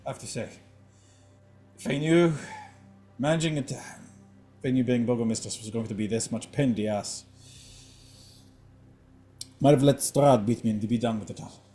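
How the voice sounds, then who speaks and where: A man's voice: mid-range voice, moderate pace, pauses often, warm tone, faint music behind, close to an everyday voice. A man voicing a harried female town leader who gushes and repeats herself. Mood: weary.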